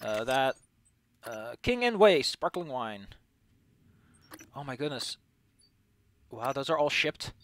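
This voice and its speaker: A man's voice: medium pitch, big pitch swings, slow pace, pauses often, a bit bright. A young man streaming a video game, rambling in sarcastic, casual commentary that is full of swearing. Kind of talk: casual let's-play commentary.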